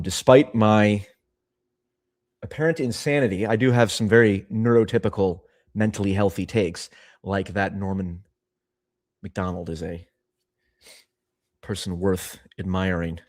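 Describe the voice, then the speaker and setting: A man's voice: low-pitched, steady tone, unhurried, long pauses, darkish tone. Rambling male livestream host. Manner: rambling, self-interrupting, chatty. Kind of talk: casual livestream chat.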